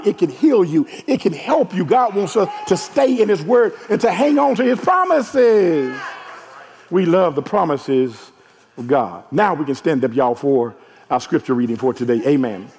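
A man, a hoarse pastor preaching a sermon and calling out to his congregation, rising to shouts. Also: fairly high pitch. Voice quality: gravelly, husky. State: hoarse from allergies. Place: large church sanctuary. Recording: long echo of a large church hall.

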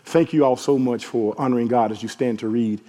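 A man, a hoarse pastor preaching a sermon and calling out to his congregation, rising to shouts. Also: mid-range voice, a little fast. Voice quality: gravelly, husky. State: hoarse from allergies. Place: large church sanctuary. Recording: long echo of a large church hall.

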